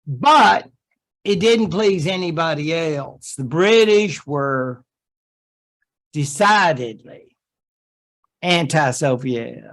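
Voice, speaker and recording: Man, history lecturer, classroom lecture, slow unhurried delivery, slightly high voice, chatty with joking asides. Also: lively intonation, a bit bright. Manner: chatty, joking asides with quick put-on quotes.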